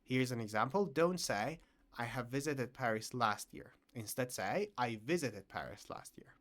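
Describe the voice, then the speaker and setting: A man teaching an English grammar lesson to learners, talking slowly and clearly and repeating each example sentence. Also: mid-range voice, animated, fairly bright tone.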